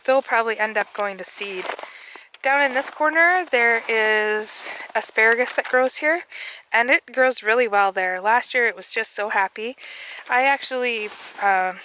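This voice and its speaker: A woman's voice: fairly high pitch, sharp tone, a little hiss or hum, poor audio. A woman chatting casually and rambling with light jokes while walking through her backyard garden in winter. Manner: rambling, jokey, laughs often. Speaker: vlogger.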